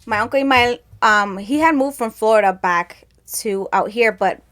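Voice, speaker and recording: Brief: chatty woman co-host, slightly high, acts out family quotes. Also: normal speed, a bit bright. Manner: rambling storyteller, laughs often, acts out relatives' lines. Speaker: podcast co-host. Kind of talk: casual chat.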